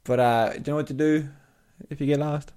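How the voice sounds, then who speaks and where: A man's voice: a little high, steady tone, brisk, mellow, clear, resonant tone. A young man co-hosting a podcast, giggling and teasing in casual banter. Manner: giggly, teasing, swears freely. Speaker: podcast co-host.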